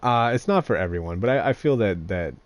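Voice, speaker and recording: A man in his thirties talks loosely while streaming a game, circling his point with fillers and restarts and dropping swear words. His voice sits fairly low but swings up and down with lots of life, and he breaks into frequent chuckles. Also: expressive, a little fast, no echo. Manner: rambling, full of fillers and restarts, swears freely; chuckles often. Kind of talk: casual live-stream chat.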